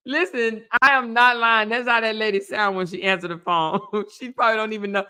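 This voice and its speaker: Woman, livestream host, chatty, laughing, crisp bright voice. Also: fairly high pitch, steady tone, brisk. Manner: laughing, chatty, talks to viewers. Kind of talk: casual livestream chat with viewers.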